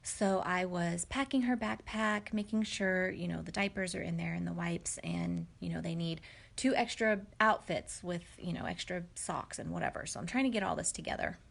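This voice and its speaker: A woman's voice: on the low side, moderate pace, creaky. A woman, telling a personal story to camera in a candid, reflective, chatty way with many fillers. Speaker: vlogger.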